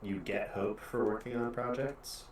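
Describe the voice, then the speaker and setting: A man's voice: lowish voice, a little slow, distant mic, a little hiss or hum. A man playing in a tabletop game, joking and asking questions about the rules. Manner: joking and questioning, laughs easily. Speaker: player. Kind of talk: casual tabletop game chat. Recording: echoey, away from the mic.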